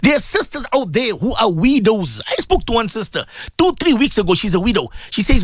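A man's voice: sits high, sing-song, fairly quick, no echo. A man, an Islamic cleric hosting a radio advice talk, speaking in an impassioned, pleading, repetitive preacher's manner.

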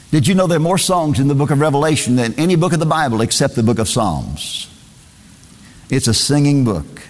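Emphatic preacher in a reverberant hall. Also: male voice, mid-range voice, big pitch swings, moderate pace, long pauses, darkish tone. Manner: emphatic, repeats key phrases. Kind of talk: sermon.

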